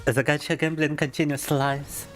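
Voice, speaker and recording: A young gaming streamer, native Russian speaker, talks at normal speed in a slightly high voice with little pitch movement. In casual live-stream chat he rants in a mock-tragic, overblown manner and flips between two languages while game music hums faintly.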